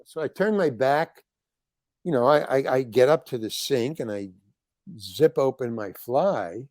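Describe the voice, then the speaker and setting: An older man, a guest on an interview show, telling a long anecdote in an animated, rambling way and acting out the lines of the people in it. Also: mid-range voice, a little slow, no room sound. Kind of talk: storytelling anecdote.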